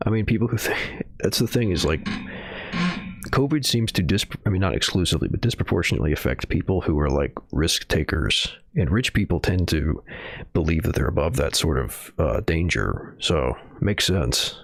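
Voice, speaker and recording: Very deep, gravelly-voiced streamer. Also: male voice, animated, moderate pace, dry recording, studio quality. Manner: rambling, sarcastic asides between headlines. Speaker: streamer reading the news. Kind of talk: casual livestream commentary.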